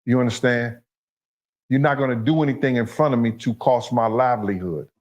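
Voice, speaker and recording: A man's voice: medium pitch, a little fast. A streetwise man holds the floor as an interview guest. His talk comes in long, rambling stories, and he keeps checking in with his listener as he goes. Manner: streetwise, repeats "you understand?". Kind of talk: storytelling in an interview clip.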